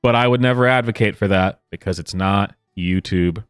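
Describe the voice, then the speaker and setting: A man's voice: on the low side, moderate pace, smooth, dry recording, clean studio sound, faint music behind. A man hosting a reaction commentary, incredulous and sarcastic, with frequent exclamations. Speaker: commentary host.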